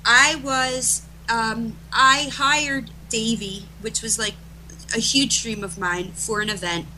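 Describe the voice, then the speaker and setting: A middle-aged woman, a guest being interviewed, telling stories emphatically and restarting her phrases as she rushes ahead. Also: a little high, fairly even intonation, sharp tone, slight background noise, rough recording. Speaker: interview guest, event organizer. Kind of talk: animated storytelling in conversation.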